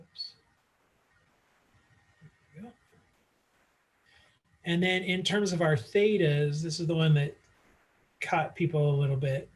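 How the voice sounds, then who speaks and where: A man's voice: fairly high pitch, steady tone, takes it slowly, long pauses. Casual man teaching math online. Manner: casual, talks while working problems, many fillers. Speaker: math instructor. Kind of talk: online lecture.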